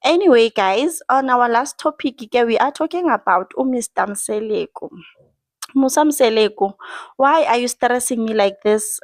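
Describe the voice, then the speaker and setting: A South African woman giving chatty, expressive gossip commentary to her viewers, switching between Zulu and English. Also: on the high side, moderate pace, dry recording. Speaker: entertainment gossip vlogger.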